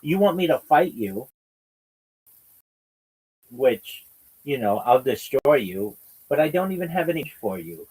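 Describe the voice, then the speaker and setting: A man's voice: medium pitch, very animated, measured pace, long pauses, darkish tone, husky, rough recording. Podcast host guy ribbing his cohost, rambly and lecturing in a joking way. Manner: teasing, rambling, mock-lecturing. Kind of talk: casual livestream chat.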